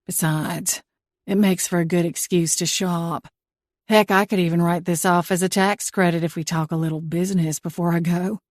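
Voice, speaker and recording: A woman voicing a warm shop owner in her forties with a slow, sweet Southern drawl in an audiobook. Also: medium pitch, dry recording, clean studio sound, close to an everyday voice. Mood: hushed. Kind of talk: audiobook character voice.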